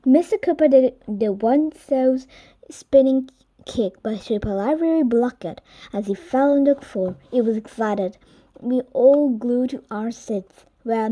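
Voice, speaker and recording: Woman haltingly reading a children's book. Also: a little high, expressive, dark tone, dull audio. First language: Korean. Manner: halting, frequent restarts and slips. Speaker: storybook reader.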